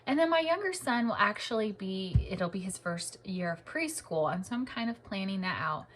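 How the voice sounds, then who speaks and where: A young mom with a hoarse, rough voice from losing it, chatting casually and rambling a bit with fillers. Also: female voice, mid-range voice, lively intonation, normal speed, fairly bright tone, a little hiss or hum. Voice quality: rough, husky. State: hoarse, partly lost voice. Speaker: homeschooling mom vlogger. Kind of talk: casual chat.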